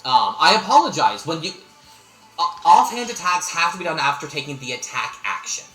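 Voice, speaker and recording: A man's voice: fairly high pitch, very animated, fairly quick, bright, forceful tone, soft background music. A man narrating a tabletop game as game master, hesitating with frequent ums. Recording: echoey room.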